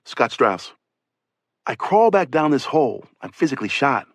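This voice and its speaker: A man's voice: medium pitch, big pitch swings, moderate pace, no room sound. A man reads an oral history aloud in a conversational first-person voice, as though he were the rescuer himself. His voice sits in an ordinary middle register, recorded close and completely dry. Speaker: audiobook narrator. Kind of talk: oral history audiobook reading.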